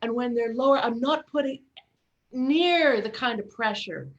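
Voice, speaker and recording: A woman's voice: a little high, unhurried, muffled recording. A middle-aged woman voice coach who talks casually and expressively, demonstrating sounds and encouraging the listeners. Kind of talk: casual chat with vocal demos.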